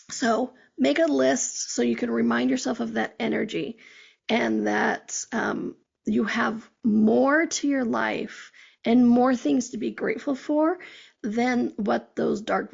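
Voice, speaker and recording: A woman's voice: fairly high pitch, creaky, husky, highs cut off. A woman hosting a podcast, giving chatty, encouraging advice in a casual talk with frequent check-ins. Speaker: podcast host.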